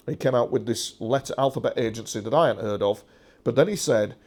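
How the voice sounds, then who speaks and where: Speaking a little fast in a mid-range, slightly mellow voice, an English man gives a first-person talk with slides. He's emphatic and digressive, rambling along with lots of filler sounds and restarts.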